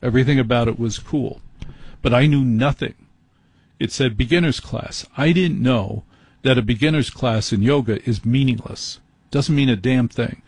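Male late-night radio host, husky voice, dry close studio mic, wry self-mocking storyteller. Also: mid-range voice, a little mellow, no echo. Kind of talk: rambling comic monologue. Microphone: studio microphone.

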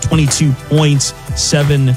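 Male sports news anchor, brisk score-reader with casual asides, music bed clearly under him. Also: a little high, flat delivery. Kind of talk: reading a sports news update.

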